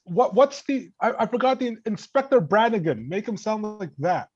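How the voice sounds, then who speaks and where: A man player chatting excitedly about a game, stammering a little. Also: sits high, normal speed, muffled recording. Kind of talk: casual game prep chat.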